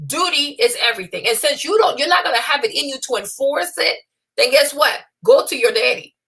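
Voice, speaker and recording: A young adult woman hosting a talk stream, blunt and scolding, with animated rants and mocking voices when she quotes people. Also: high-pitched, fairly quick. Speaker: host. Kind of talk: unscripted opinion livestream.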